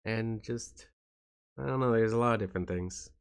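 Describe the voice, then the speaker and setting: A man vlogging to his viewers in a soft, halting way, tired and in pain. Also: on the low side, clear, resonant tone. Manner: soft-spoken, halting, with frequent restarts. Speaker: YouTuber. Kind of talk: casual talk to camera.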